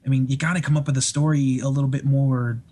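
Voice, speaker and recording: A man telling stories in a casual podcast chat, excitable and laughing often as he acts out what people said. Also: mid-range voice, quick pace. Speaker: podcast guest.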